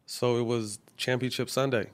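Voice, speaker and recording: A middle-aged man in a casual interview, speaking candidly with profanity and frequent halting restarts. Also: mid-range voice, fairly even intonation. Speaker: guest.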